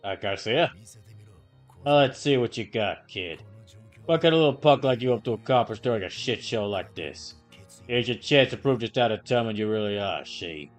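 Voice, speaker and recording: Man doing a low gravelly gangster voice, older-brother tough guy, quiet and gruff, tacks on a "see?", voicing game dialogue. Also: lively intonation, normal speed, soft background music, lightly acted. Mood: taunting. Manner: ends lines with a gangster-style "see?".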